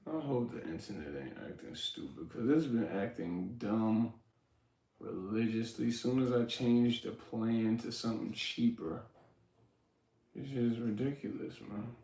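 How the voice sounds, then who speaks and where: A man's voice: on the low side, measured pace, mellow, roomy sound, far from the mic. A young man hosting a casual livestream while he cooks, joking loosely and talking to his chat. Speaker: livestream host. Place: home kitchen.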